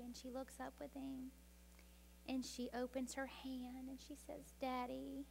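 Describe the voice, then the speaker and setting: A woman speaking from a stage at a women's event, telling a parable with dramatic pacing and hushed whispers, then urging listeners to change. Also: high-pitched, flat delivery, unhurried, vocal fry, a little hiss or hum. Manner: dramatic storytelling, dropping to hushed whispers for tender moments. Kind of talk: inspirational talk with storytelling.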